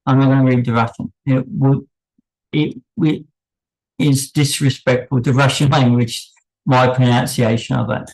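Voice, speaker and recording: A man hosting his own channel, speaking in unscripted commentary with halting, pausing delivery and wry, apologetic asides. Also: medium pitch, fairly even intonation, vocal fry, a little mellow, poor audio. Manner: halting, pausing, with many restarts. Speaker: channel host.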